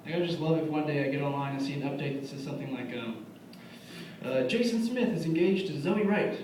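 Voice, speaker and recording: A young man's slightly high voice moves at a quick pace through a stand-up set at a bar music venue, with noise in the background. His storytelling is loose and chatty, including impressions of his friends' lines, and a distant, echoey room mic captures it with audience laughter.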